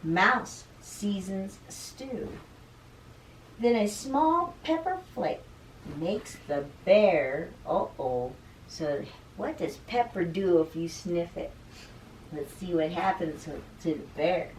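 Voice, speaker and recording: A woman reads a picture book aloud to children in an animated way and stops to explain words. Her pitch swings widely and she takes it slowly. The recording is echoey, with the mic well away from her. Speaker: teacher reading to children. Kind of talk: read-aloud storytime. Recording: roomy room, distant mic.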